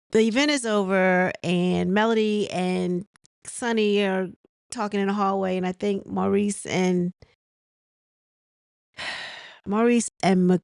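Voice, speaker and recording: A woman's voice: mid-range voice, creaky, a little mellow, no room sound, studio quality. Chatty woman recapping reality TV. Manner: rambling, laughs and mimics cast members' lines; many fillers and restarts. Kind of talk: casual chat recapping an episode.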